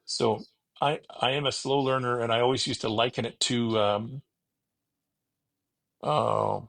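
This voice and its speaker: A man's voice: mid-range voice, steady tone, unhurried, gravelly, fairly bright tone. A middle-aged man, a podcast guest, telling rambling self-deprecating stories in casual chat and acting out the people he quotes. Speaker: podcast guest, car finder.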